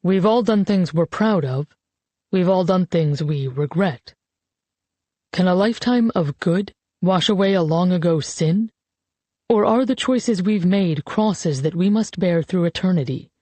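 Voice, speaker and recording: A woman reads as a grieving father delivering a eulogy in an audiobook, his voice a touch lower and slow, mellow and dark. Every sentence is measured and solemn. The recording is dry and close. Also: no room sound. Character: grieving grown man, a father, giving a eulogy. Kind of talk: audiobook character reading.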